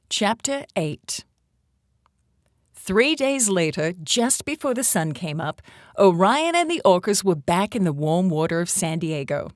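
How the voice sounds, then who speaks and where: Animated woman reading a children's story. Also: lowish voice, measured pace, no room sound, clean studio sound. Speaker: storybook reader.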